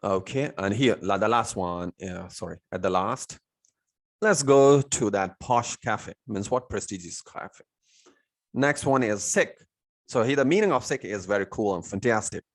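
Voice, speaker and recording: Male tutor, lowish voice, self-answering teaching questions. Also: lively intonation, moderate pace. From India. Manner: repeats "means what?" and answers himself, many "you know" fillers. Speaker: English teacher. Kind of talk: recorded lesson explaining vocabulary.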